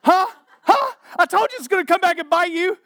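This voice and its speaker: A preacher putting on the voice of Reuben, a brother smugly taunting the others. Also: male voice, very high-pitched, big pitch swings, slow pace, a bit bright, clear, resonant tone, no echo, clean studio sound, heavily acted. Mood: gloating. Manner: taunting, told-you-so. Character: smug older brother Reuben gloating.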